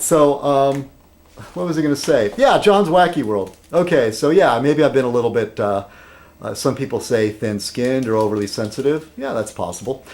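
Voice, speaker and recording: Guy rambling on his weekly vlog, voice bounces up and down a lot, dry jokes, loses his train of thought. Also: medium pitch. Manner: meandering, self-interrupting, dry humor. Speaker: vlogger. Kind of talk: rambling casual monologue.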